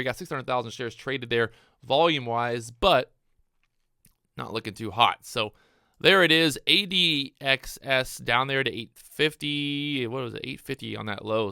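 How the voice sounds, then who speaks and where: A man talks through his trades live in a bright, crisp voice, recorded dry and close on a desk microphone. He gets excitable and a little breathless, repeats phrases and speaks straight to his viewers. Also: mid-range voice, moderate pace, dry recording. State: out of breath, hyped up. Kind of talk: live trading commentary.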